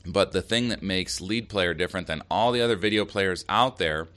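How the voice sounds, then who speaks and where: A man's voice: low-pitched, moderate pace, a bit bright. A man hosting a solo marketing podcast, giving upbeat, direct advice with emphasis. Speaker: podcast host.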